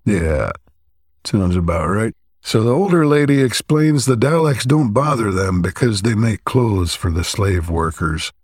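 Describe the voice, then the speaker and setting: A man with a fairly low voice walks through a story's plot as a podcast co-host. He talks casually, pausing often to find his words. The sound is dry and close, with no room echo. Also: husky. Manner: relaxed, halting, with frequent "uh" pauses.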